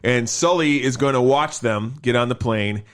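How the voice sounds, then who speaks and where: A man's voice: medium pitch, moderate pace. A man co-hosting a podcast, chatting casually and recapping a film scene by scene. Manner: animated, recapping a movie scene by scene. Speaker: podcast co-host. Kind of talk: casual chat.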